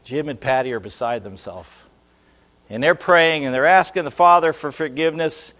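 Man, preacher, fairly high voice, animated storytelling, church sermon. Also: normal speed. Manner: animated storytelling, talks to the congregation.

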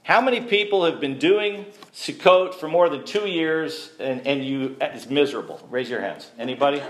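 A man's voice: on the high side, moderate pace, a little hiss or hum. A man teaching a sermon to a congregation, conversational and asking the listeners questions. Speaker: messianic teacher. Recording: echoey room.

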